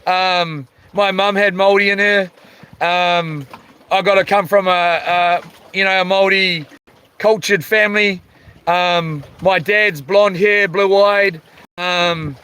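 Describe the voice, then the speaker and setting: A man's voice: high voice, sharp tone, clean tone, low-quality recording. A man with a New Zealand accent hosting a casual live stream, reading chat comments in a laid-back way with lots of ums and chuckles.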